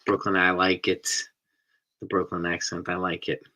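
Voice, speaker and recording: A middle-aged man, his voice low and sharply bright. He chats loosely with live viewers. He rambles and gets excited as he talks. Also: moderate pace, lo-fi sound. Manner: chatty, rambling, enthusiastic about food. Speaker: host reading live chat. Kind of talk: casual live-stream chat.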